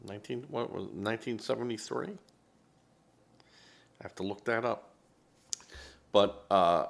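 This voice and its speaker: A man's voice: lowish voice, slow pace, vocal fry, pauses often. A man giving opinionated political commentary as host, rambling and hesitant, often correcting himself.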